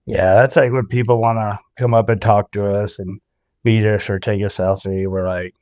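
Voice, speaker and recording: A man's voice: fairly low pitch, level tone, normal speed, a little mellow, dry recording. A man from Michigan co-hosting a podcast, easygoing in casual chat and laughing along. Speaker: podcast co-host.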